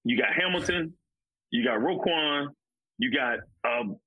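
A man's voice: fairly high pitch, a little slow, narrow, tinny audio. A man co-hosting a casual sports podcast, talking emphatically and repeating his points. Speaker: podcast co-host, former football player.

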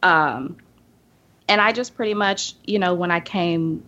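A woman from the Southern United States telling a personal story in a casual podcast roundtable. She acts out the people in her story with lively voices. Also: lowish voice, unhurried. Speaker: podcast panelist. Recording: dull lo-fi podcast audio.

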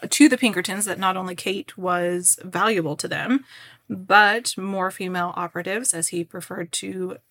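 A woman from Kentucky co-hosting a podcast, reading a history story and breaking into lively chat and laughter. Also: fairly low pitch, normal speed. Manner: animated, laughs often. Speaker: podcast co-host.

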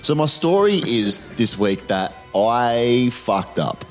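A man's voice: medium pitch, takes it slowly, faint music behind. An Australian man co-hosting a podcast, telling stories in casual comic banter and acting out what others said. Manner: lively storyteller, acts out quotes. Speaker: podcast co-host.

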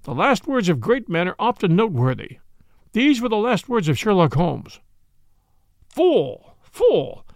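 A man narrating a story for a podcast with an expressive, theatrical reading. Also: high voice, normal speed, no room sound, studio quality. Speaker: podcast reader.

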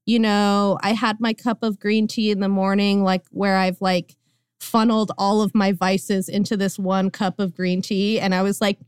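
A woman guest on a podcast, chatting casually, full of "like" fillers and quick laughs. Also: mid-range voice, level tone, a little mellow, smooth, dry recording, clean studio sound. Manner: laughing often, lots of "like" fillers. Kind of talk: casual chat.

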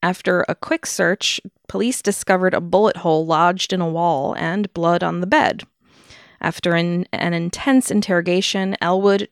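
A woman with a low, gravelly voice narrates an old crime story for a podcast, mixing read-out passages with casual asides and frequent laughs. The sound is dry and close, with no room around her. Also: no echo. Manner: laughs often while narrating. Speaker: podcast co-host telling the story. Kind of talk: casual chat, reading a true-crime history.

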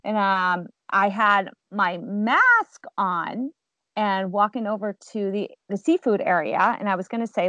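A woman on a podcast who tells her stories in an animated, casual way. Her voice sits mid-range and is recorded dry and close. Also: mid-range voice, measured pace, no room sound. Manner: animated storyteller. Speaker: podcast co-host. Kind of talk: casual chat.

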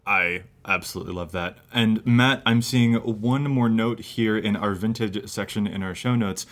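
A man's voice: on the low side, moderate pace, hardly any pauses. A man hosting a podcast, reading show notes and asking his co-hosts questions. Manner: warm moderator, reads notes, asks questions. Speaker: podcast host. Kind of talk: casual chat.

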